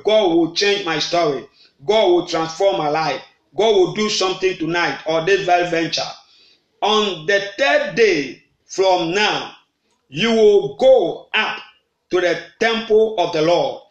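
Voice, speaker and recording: A man's voice: high voice, moderate pace, roomy sound, muffled recording. A man preaching a midnight prayer sermon, repeating phrases and prompting the congregation to answer, sometimes slipping into tongues. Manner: slips into rhythmic tongues. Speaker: pastor.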